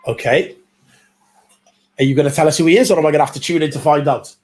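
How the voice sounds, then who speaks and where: A man's voice: a little high, quick pace, darkish tone. A man co-hosting a football watchalong, easygoing and agreeable, with some teasing banter. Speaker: watchalong co-host.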